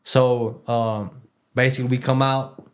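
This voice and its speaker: A man's voice: medium pitch, level tone, unhurried. Male interview guest, mid-range voice, casual slangy storyteller who rambles and repeats himself. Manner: loose street slang with Spanish words mixed in; rambling, with many fillers and repeated words.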